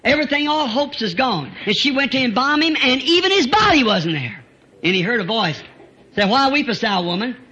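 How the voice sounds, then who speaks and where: Captured on a lo-fi old tape, this revival sermon comes from a man with a very high, sing-song voice who talks fairly quickly. He preaches with fervor, climbing to shouts and chuckling between phrases.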